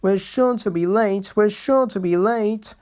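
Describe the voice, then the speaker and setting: A reader voicing an eager, anxious young male engine who talks in a frantic, hurried way. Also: medium pitch, a little mellow, smooth, pitched above the performer's own voice, close to an everyday voice.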